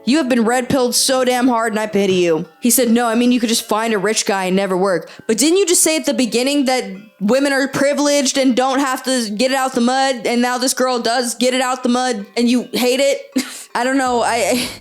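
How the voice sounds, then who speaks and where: A young woman reads online posts aloud and rips into them with sarcasm and frequent swearing. Her voice sits fairly high, and a faint bed of music plays underneath. She sounds exasperated. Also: a little fast. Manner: sarcastic, exasperated, swears often, laughs a lot. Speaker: podcast host. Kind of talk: reading and reacting to online stories.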